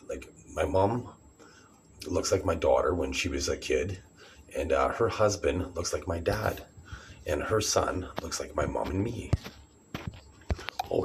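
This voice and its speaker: Deep-voiced rambling man in his forties. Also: creaky, background noise. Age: 40s. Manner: agitated, repetitive, restarting sentences. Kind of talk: rambling direct-to-camera monologue.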